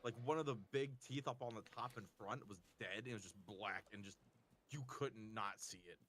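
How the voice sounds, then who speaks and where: A man's voice: lowish voice, normal speed, noisy background. A man chatting casually with a friend on a stream, blunt and slangy, swearing often. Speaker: co-host friend. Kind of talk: casual chat.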